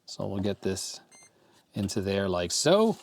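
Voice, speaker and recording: A man in his forties with a slightly hoarse voice from a cold, casually thinking aloud as he tinkers with retro computer hardware. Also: low voice, very animated, a little slow. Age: 40s. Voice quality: slightly raspy. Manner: rambling, thinks aloud while handling hardware. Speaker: retro computer video host. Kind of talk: casual hands-on tech vlog. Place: home workbench.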